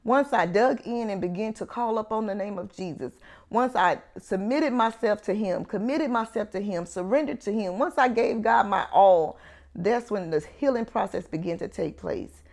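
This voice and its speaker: Earnest gravelly-voiced woman giving testimony. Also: medium pitch, normal speed, a little mellow. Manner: earnest, storytelling with quoted dialogue. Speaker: ministry founder sharing testimony. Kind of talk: personal testimony.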